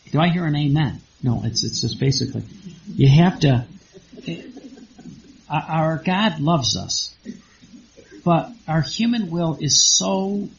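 A man's voice: fairly high pitch, gravelly. A man, probably a priest, giving a rambling sermon full of rhetorical questions and repeated words. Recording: dull lo-fi recording.

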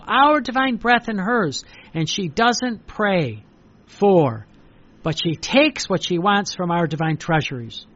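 Male preacher, high voice, fervent and repetitive, dull lo-fi sound. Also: a bit bright. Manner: fervent, repetitive, reads quoted passages aloud. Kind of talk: devotional sermon.

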